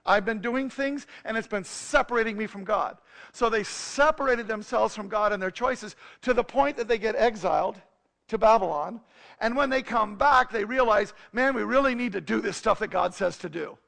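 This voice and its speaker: Preacher guy telling a story then teaching, earnest, high voice with lots of gravel. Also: moderate pace, fairly bright tone. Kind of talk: sermon with dramatic storytelling.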